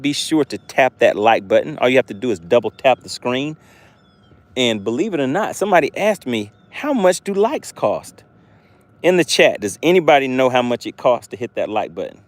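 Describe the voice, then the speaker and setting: Animated man hosting a fishing stream. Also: mid-range voice. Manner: excited, talks directly to chat viewers. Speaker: fishing livestream host. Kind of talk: live fishing stream commentary.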